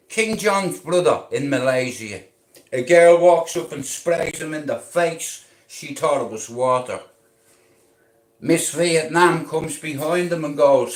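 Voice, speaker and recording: A man's voice: fairly high pitch, slow, long pauses. A man with an Irish accent rambling on a live stream, intense and swaggering, swearing and repeating questions at his viewers. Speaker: livestreamer. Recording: roomy echo.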